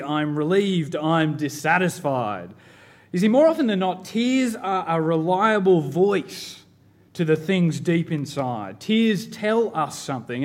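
A man in his thirties, a pastor, preaching a sermon in a measured, emphatic way with rhetorical questions. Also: sits high.

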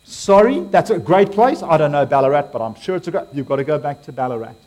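A man's voice: on the high side, expressive, quick pace, a little mellow. A man with an Australian accent giving a playful, interactive sermon, joking with and quizzing his congregation. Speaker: preacher.

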